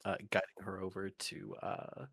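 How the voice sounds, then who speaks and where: A man playing a tabletop game, hesitant and quick to laugh. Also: low voice, completely flat delivery, creaky, fairly bright tone, husky, no echo. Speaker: player.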